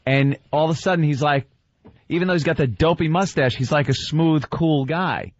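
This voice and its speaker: A man co-hosting a radio show, making wry, quick asides in casual banter. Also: fairly high pitch. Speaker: radio co-host. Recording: dry, muffled radio broadcast.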